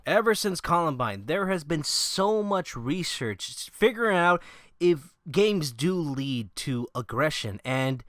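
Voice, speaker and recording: Animated, profane man ranting. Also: medium pitch, normal speed, dry recording, studio quality. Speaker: gaming news vlogger. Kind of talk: casual opinion rant.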